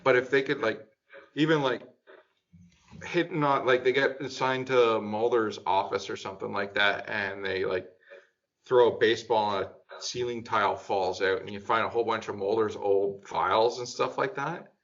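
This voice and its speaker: A man talking in a relaxed group chat, thinking out loud with plenty of "um" and "like". He gets enthusiastic as he goes. The sound is dull and lo-fi. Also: lowish voice, normal speed. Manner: enthusiastic, rambling with fillers. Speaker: podcast panelist.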